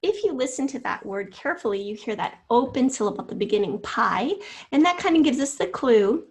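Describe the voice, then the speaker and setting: A woman teacher giving a recorded spelling lesson to fourth graders, sounding out words slowly and carefully. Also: high voice, expressive, darkish tone, breathy edge.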